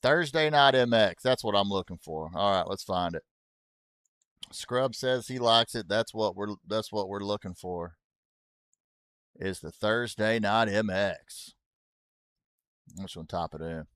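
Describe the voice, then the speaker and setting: A man's voice: on the low side, a little slow, pauses often, a bit bright, dry recording, studio quality. A man streaming a racing game, chatting casually to his viewers, rambling and getting sidetracked with jokes. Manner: rambling, easily sidetracked, joking; talks to chat with y'all asides. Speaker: gaming streamer.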